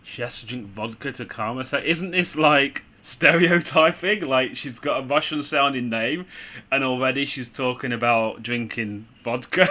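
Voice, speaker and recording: A man's voice: medium pitch, moderate pace, bright, forceful tone. A man giving casual, chatty commentary on a game with sarcastic asides. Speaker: gaming video host.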